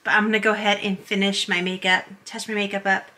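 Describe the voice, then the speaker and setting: A woman's voice: mid-range voice, little pitch movement, fast, bright, forceful tone. A young woman vlogging casually about her day, chatty and rambling with lots of fillers, sometimes dropping to a whisper while her baby naps. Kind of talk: casual vlog chat.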